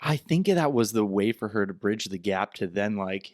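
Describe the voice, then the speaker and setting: Male co-host, lowish pitch, dry close sound, wry and casual. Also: animated, moderate pace, no echo. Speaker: podcast co-host. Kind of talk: casual podcast chat.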